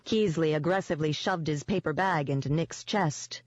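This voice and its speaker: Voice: mid-range voice, normal speed, no echo. Dry, muffled audiobook narration. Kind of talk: first-person novel narration.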